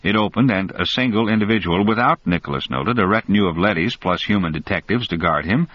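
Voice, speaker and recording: A man narrates an audiobook in a steady, expressive read, his lowish voice moving through a lively range. The recording is bone dry and a bit dull, with a lo-fi quality. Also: quick pace. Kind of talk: scripted narration.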